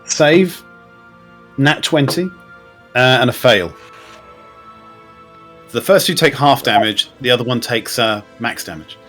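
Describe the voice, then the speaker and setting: A man running a tabletop game as game master, with relaxed, descriptive narration and rules asides. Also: medium pitch, slow, long pauses, soft background music.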